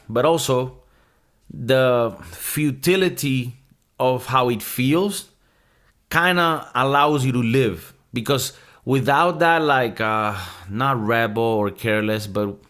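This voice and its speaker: A man's voice: mid-range voice, a bit bright. A man hosting a casual podcast chat, rambling and thinking aloud with many fillers and restarts, swearing freely and laughing often. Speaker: podcast host reviewing a movie.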